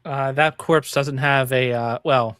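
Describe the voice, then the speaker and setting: A man's voice: mid-range voice, fairly even intonation, slow, fairly bright tone, clear, resonant tone, no room sound, clean studio sound. A man playing in a tabletop game, wry and joking as he talks in character. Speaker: player. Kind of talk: casual tabletop game chat.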